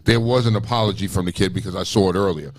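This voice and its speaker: A man's voice: deep voice, quick pace. A man co-hosting an uncensored talk show, talking emphatically and with profanity. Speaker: podcast co-host. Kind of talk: uncensored casual chat.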